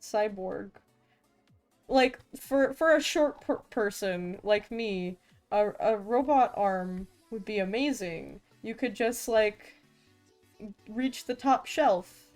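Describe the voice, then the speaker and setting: A woman's voice: medium pitch, slow, a little mellow, soft background music. A woman streaming as a vtuber, chatting casually with viewers while drawing, playful and self-mocking with frequent laughs and restarts.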